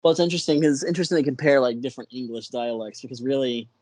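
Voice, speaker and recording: Texan guy on a podcast, mid pitch, kinda hesitant, dry close mic. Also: racing, darkish tone, dry recording. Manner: hesitant, searching for words. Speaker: podcast guest. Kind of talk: casual chat.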